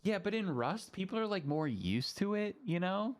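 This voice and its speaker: A man's voice: high-pitched, very animated, normal speed. A man on a gaming podcast, chatting casually and laughing often. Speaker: podcast co-host.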